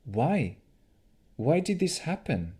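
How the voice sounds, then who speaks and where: A man's voice: fairly high pitch, sing-song, slow, mellow, breathy edge, pitched above the performer's own voice, exaggerated voice. A man reading an audiobook, voicing an earnest young woman, a half-elf heroine who asks anxious questions. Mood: questioning.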